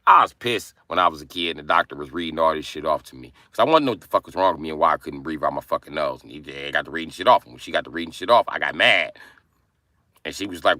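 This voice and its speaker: A man hosting a casual livestream, brash and profane as he roasts his chat, with sudden bursts of yelling. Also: extremely low pitch, lively intonation, fast, no echo, studio quality. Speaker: livestream host.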